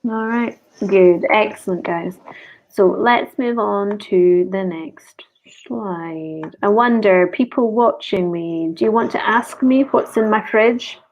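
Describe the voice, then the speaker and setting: A woman teaching an online grammar lesson, slowly repeating each example sentence. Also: mid-range voice. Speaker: English teacher. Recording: dull lo-fi recording.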